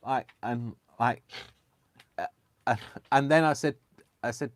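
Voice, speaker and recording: A man's voice: mid-range voice, unhurried, pauses often, no echo. A man hosting a live craft stream, chatting casually and self-deprecatingly while he works. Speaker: craft livestream host.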